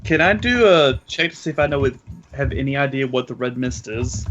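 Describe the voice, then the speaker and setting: A man's voice: mid-range voice, expressive, brisk, fairly bright tone, dull audio, soft background music. A man playing a tabletop fantasy game, casual and eager, joking about his character's nosiness. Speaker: player.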